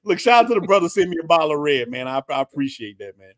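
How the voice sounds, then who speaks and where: A man's voice: a little high, sing-song, quick pace. A man, telling slangy stories in a laughing, casual barbershop chat. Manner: loud laughing storyteller, slangy. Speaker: podcast host.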